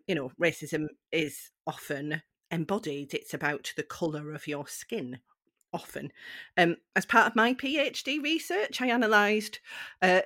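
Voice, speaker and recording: A woman's voice: medium pitch, fairly bright tone, no room sound, clean studio sound. A woman from Bradford with a Bradford accent tinged with Northeast vowels, a stand-up poet speaking thoughtfully and emphatically in a podcast discussion. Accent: Bradford with Northeast English vowels. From Bradford, England.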